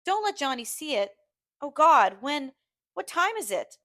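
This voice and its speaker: A woman's voice: high-pitched, very animated, a little slow, a bit bright, voice pushed up, exaggerated voice. A woman voicing a frightened young Southern wife, pleading and tearful. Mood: distraught pleading.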